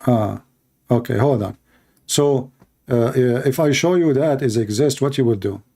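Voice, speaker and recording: A man's voice: mid-range voice, normal speed, dark tone. Mocking man hosting a call-in debate. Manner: mocking, taunting, insulting. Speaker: debate show host taking callers.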